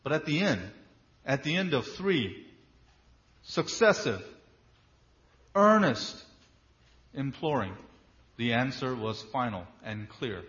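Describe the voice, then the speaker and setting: A man delivers a sermon in a mid-range voice. He stresses key words emphatically, drawing them out slowly, and keeps turning to rhetorical questions. The recording sounds slightly dull and muffled. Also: medium pitch, lively intonation, fairly bright tone. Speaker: preacher.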